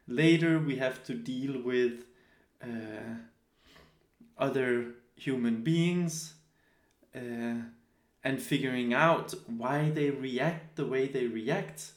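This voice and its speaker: A man in his thirties giving a relaxed spoken lecture, often hesitating with fillers and restarts. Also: mid-range voice, slow, roomy sound. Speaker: teacher.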